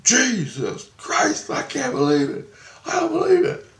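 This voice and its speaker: A man putting on a frantic, disbelieving voice for an excited figure in his retelling. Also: extremely high pitch, unhurried, echoey room, pitched above the performer's own voice, exaggerated voice.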